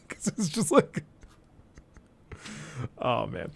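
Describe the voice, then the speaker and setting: A man's voice: on the high side, very animated, takes it slowly, gravelly, pauses often, no room sound. A man chatting casually on a live stream, rambling loosely and slipping into impressions of others.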